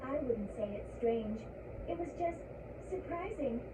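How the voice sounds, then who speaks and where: A woman's voice: sits high, lively intonation, a little slow. Curious polite robot girl, game audio heard from far off, echoey and noisy. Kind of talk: game voice acting.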